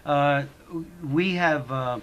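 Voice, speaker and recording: A man's voice: a little high, takes it slowly, slight background noise. A man who teaches acting, chatting as a guest on a talk show in an easygoing way. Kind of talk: casual interview.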